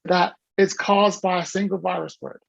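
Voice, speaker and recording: A man giving an animated motivational talk on a video call, preaching and acting out quotes. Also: sits high, moderate pace, vocal fry, slightly rough, no echo, lo-fi sound. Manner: preachy, acts out quoted voices, laughs often. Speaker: guest speaker on a virtual summit call.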